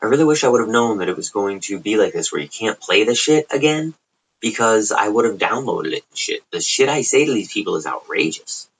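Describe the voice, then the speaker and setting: A man's voice: fairly low pitch, very animated, brisk, breathy edge, rough recording. A man with a suburban Chicago accent hosting a casual late-night livestream from home, rambling and profane. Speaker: livestream host.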